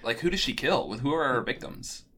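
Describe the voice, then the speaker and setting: A man's voice: mid-range voice, expressive, a little fast, pushed and bright, a little hiss or hum. A man on a casual podcast, asking curious questions about a movie's plot. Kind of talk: casual chat.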